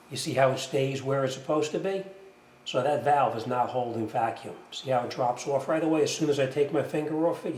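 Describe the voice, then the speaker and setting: Blunt New mechanic in a noisy shop. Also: male voice, mid-range voice. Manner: casual, blunt, talks the viewer through each step. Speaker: auto mechanic. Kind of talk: hands-on repair demonstration. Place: auto repair shop.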